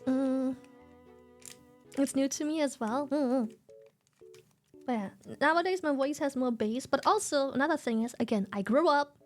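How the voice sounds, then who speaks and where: A woman's voice: sits high, moderate pace, long pauses, faint music behind. A young woman streaming while sick, chatting candidly and swearing freely as she explains her voice. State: sick, slightly hoarse. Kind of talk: casual stream chat.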